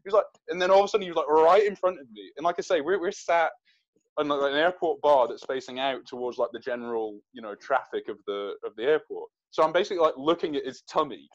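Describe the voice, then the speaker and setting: A man, a guest actor, telling an animated story in a casual interview, with hesitant restarts. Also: fairly high pitch, fast talker, muffled recording.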